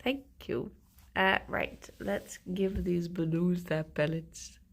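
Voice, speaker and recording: Congested woman streamer, slow and gravelly. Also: lowish voice, steady tone. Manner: reads out chat messages and laughs often. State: congested, bunged up with a cold. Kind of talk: casual live-stream chat.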